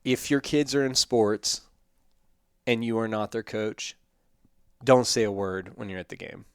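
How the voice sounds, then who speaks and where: A man who grew up in Iran, a podcast guest talking about parenting in an excitable, animated way. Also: on the low side, a little slow, clean tone, dry recording, studio quality. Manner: excitable, animated, laughs often. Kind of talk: casual interview chat.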